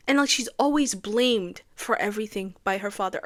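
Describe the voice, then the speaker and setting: A young woman with a fairly high soprano voice chats through a movie like a fan talking to friends. She is excitable and dramatic, sinking into hushed whispers for the sad moments and getting loud when something annoys her. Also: fairly quick, few pauses. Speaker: YouTuber. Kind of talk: casual movie commentary.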